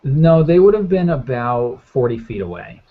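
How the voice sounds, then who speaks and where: A man's voice: medium pitch, sing-song, moderate pace. A man narrating as game master in a loose, rambling way with lots of fillers. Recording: muffled lo-fi audio.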